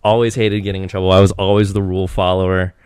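A young man from Eastern Washington chats loosely as a podcast guest, rambling with lots of fillers and restarts. His low voice is smooth, resonant and darkish, delivered fast in a level tone. A handheld mic gives a dry, close sound with no echo.

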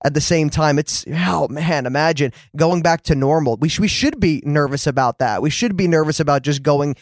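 Earnest male host, higher-pitched, halting and sincere, dry close sound. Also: dry recording. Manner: earnest, many restarts and fillers. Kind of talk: casual faith conversation.

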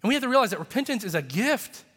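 Pastor, male, high voice, impassioned preaching style, church hall with long reverb. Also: rapid-fire, slightly rough. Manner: passionate, animated preaching with rising emphasis. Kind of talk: sermon. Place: church sanctuary.

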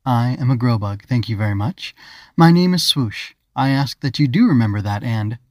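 A man voicing a tiny, fussy magical bug from a storybook, formal and proper, pitched a touch above a plain man's voice, dry close sound. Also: expressive, moderate pace, a little mellow, no room sound, natural voice. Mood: prim. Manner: formal and proper, calls others dear. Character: small prim fussy glowing male bug creature.

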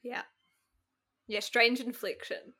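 A woman's voice: on the high side, level tone, slow, pushed and bright. A woman co-hosting a casual book chat podcast, mostly agreeing and adding short thoughts. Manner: agreeable, many short backchannels. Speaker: podcast co-host.

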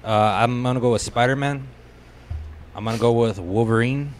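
A man co-hosting a podcast, low-key and quiet in casual chat. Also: moderate pace, a little hiss or hum. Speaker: podcast co-host.

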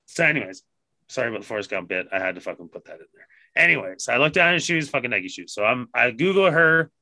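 Man, podcast co-host, very bright forceful voice, casual swearing storyteller, dry close sound. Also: medium pitch, quick pace, dry recording. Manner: swears constantly, animated retelling.

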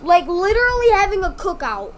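A very high-pitched young woman chats on a homemade podcast. She tells stories bluntly, with plenty of slang and exasperation. A steady hiss of noise sits under her voice. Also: brisk. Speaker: podcast co-host. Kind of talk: casual chat. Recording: noisy home recording.

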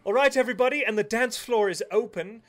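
A man's voice: very high voice, quick pace, fairly bright tone, voice pushed up. A man voicing a glamorous female nightclub hostess with a theatrical, welcoming manner. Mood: showy.

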